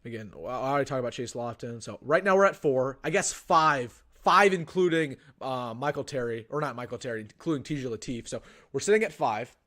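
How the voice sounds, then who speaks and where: A man's voice: mid-range voice, expressive, brisk, a bit bright. A young man hosting a casual sports live stream, thinking aloud with frequent restarts and ums. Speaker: sports livestream host.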